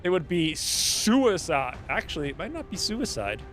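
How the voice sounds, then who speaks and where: A man streaming a game, chatting casually and playfully, rambling and jumping into high exclamations. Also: sing-song, moderate pace, fairly bright tone, soft background music. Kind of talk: casual live-stream gameplay commentary.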